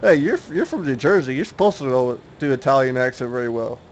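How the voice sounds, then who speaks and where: A young man from Oklahoma in the US South calls an online sim race as a broadcaster, chatty and laughing often. His mid-range voice moves fast with lively intonation, though the audio sounds dull.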